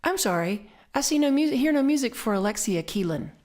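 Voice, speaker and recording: A woman's voice: a little high, expressive, fairly quick, darkish tone, voice pushed up, close to an everyday voice. A woman with a Southern accent voicing a polite female voice assistant who keeps apologizing in a mechanical way. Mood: apologetic.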